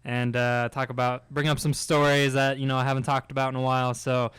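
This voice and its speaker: A man's voice: medium pitch, level tone, a little fast, fairly bright tone, clean tone, dry recording. A man hosting a team podcast, thanking his guests and plugging the show's social accounts. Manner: friendly sign-off, plugs social accounts. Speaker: podcast host. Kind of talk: casual podcast wrap-up.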